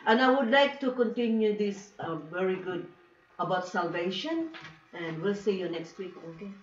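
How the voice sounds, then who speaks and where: A woman's voice: mid-range voice, normal speed, slight background noise. A woman with a Filipino accent giving an emotional personal testimony, speaking broken English mixed with Cebuano. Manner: emotional, animated storytelling, laughs often. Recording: roomy, distant, dull lo-fi sound.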